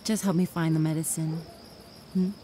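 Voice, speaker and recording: A woman playing a stern, low-voiced village doctor. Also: steady tone, moderate pace, dark tone, slight background noise, close to an everyday voice. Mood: flirtatious. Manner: stern and lecturing, then coaxing. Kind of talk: dubbed film acting.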